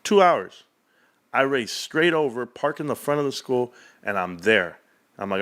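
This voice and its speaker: A man's voice: mid-range voice, expressive, measured pace, fairly bright tone. A middle-aged man chatting casually with his livestream viewers, rambling and calling them bro. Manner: rambling, talks to viewers as bros. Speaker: stock market YouTuber.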